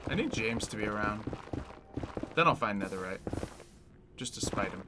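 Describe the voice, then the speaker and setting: A man's voice: on the low side, normal speed, heavy background noise. A man streaming a game and chatting casually with his viewers, rambling loosely from one thought to the next. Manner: relaxed, rambling, talking to chat between tasks. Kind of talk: casual live-stream chat while playing. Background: background music.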